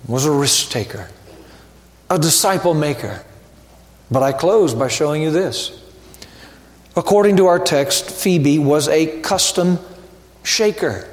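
A man preaching a sermon as pastor, slow and emphatic, building to ringing repeated refrains. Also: on the high side, expressive, darkish tone, roomy sound, big-room sound.

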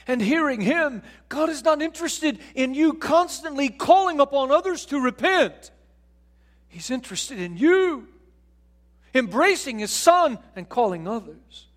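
A man preaching a sermon as pastor, swinging from hushed, slow lines to loud, pressing questions. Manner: acts out quoted voices, putting on an excited high voice.

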